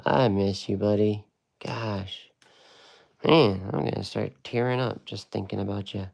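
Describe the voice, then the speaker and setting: A man's voice: fairly low pitch, measured pace, vocal fry, a little mellow. A man teaching a casual live watercolor lesson, chatty and rambling with laid-back slang. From United States.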